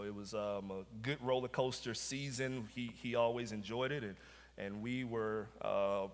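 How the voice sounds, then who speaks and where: A man's voice: lowish voice, fairly bright tone. A man with a Southern US accent preaching a sermon, telling a story and then pressing his points with emphasis. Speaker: pastor. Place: church sanctuary. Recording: church hall reverb.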